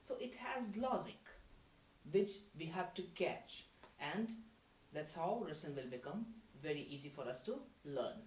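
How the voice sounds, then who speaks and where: A young man with an Indian English accent teaches a friendly beginner lesson, calling his viewers guys and repeating words slowly. His voice sits a little high and sounds set back from the mic in an echoey room. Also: animated, far from the mic, slight background noise. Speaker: language teacher.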